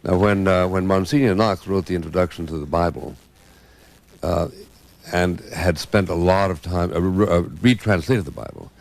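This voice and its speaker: Deep-voiced erudite man, hesitant. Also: vocal fry. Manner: measured and erudite, with frequent hesitations. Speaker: panel guest. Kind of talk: discussion panel.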